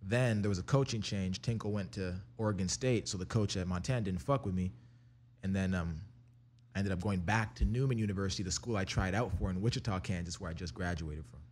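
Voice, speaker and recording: A young man from Canada, a guest telling his life story in a casual, energetic and profane way. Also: sits low, brisk, slight background noise. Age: young adult. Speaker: interview guest, rapper.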